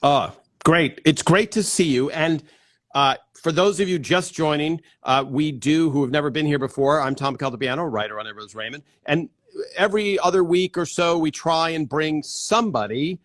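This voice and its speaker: A man's voice: a little high, normal speed, no echo, studio quality. A middle-aged man from New Jersey hosting a casual livestream, greeting viewers one by one with many fillers. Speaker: host.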